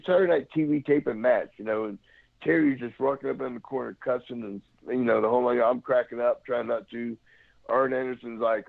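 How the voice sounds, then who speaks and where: A man's voice: mid-range voice, fairly even intonation, fairly quick, creaky, dry recording. A man, a former pro wrestler, telling rambling stories in a casual interview and imitating the people in them, heard over a phone line. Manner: rambling anecdotes, imitates others.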